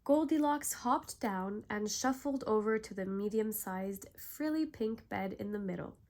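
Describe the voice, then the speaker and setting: A woman narrating a bedtime story in a calm, gentle way. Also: medium pitch, unhurried.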